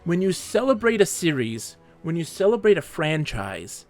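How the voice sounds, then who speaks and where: A man live-streaming a game, chatting casually with viewers and telling animated stories. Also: a little high, moderate pace, soft background music. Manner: animated storytelling, acts out quoted players. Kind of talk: casual live-stream chat while gaming.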